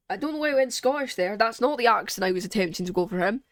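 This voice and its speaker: A woman's voice: mid-range voice, animated, fast, hardly any pauses. A woman streamer giving chatty, laughing commentary while playing a game, swearing casually. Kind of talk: casual let's-play commentary. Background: game music.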